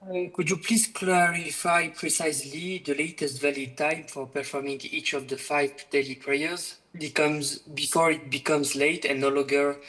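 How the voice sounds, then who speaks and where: Bright-voiced caller with a French accent. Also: male voice, fairly high pitch, fairly even intonation, moderate pace, hardly any pauses, low-quality recording. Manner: hesitant, careful wording. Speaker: caller asking a question. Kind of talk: phoned-in question.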